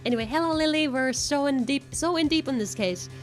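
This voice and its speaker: Young girl streaming a game, giggly and bouncy, highish voice, soft music behind. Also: a little fast. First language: Finnish. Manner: giggly, excitable, reads dialogue aloud. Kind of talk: game livestream chat.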